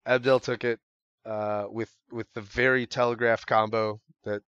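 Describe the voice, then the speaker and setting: A man co-hosts a casual podcast, telling stories in a lively, rambling way. His mid-pitched voice is recorded dry and a little dull, as on a lo-fi mic. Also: unhurried, clean tone, no echo. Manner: animated storyteller, many fillers and laughs. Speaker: podcast co-host.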